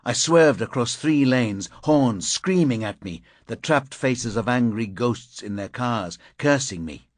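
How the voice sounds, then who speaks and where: A man's voice: mid-range voice, lively intonation, measured pace, hardly any pauses, no room sound. A man narrating a crime novel in the first person, in clipped, fragmentary phrases. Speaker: audiobook narrator.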